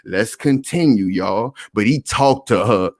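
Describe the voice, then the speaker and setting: A man's voice: lowish voice, expressive, a little slow, darkish tone, no room sound, studio quality. A man hosting a live reaction commentary stream, talking animatedly and addressing his audience directly over and over. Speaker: online commentary host.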